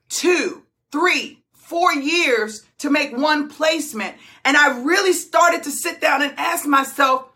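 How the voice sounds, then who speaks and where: Fired-up high-voiced woman coach. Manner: fired up, often shouting, repeats herself. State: tearful. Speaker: business coach hosting a group Q&A call. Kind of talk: impassioned motivational talk.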